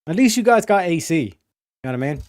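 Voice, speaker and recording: A man's voice: on the high side, very animated, quick pace, a little mellow, no echo, studio quality. A man from Europe hosting a live stream, rambling, swearing a lot and reading chat messages aloud. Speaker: livestream host.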